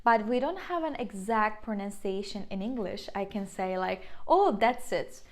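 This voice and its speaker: A young woman with a Turkish accent, teaching a beginner lesson on how to pronounce vowels, slowly repeating each sound. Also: mid-range voice. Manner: slow, patient, repeats sounds, exaggerated mouth demonstrations. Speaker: language teacher.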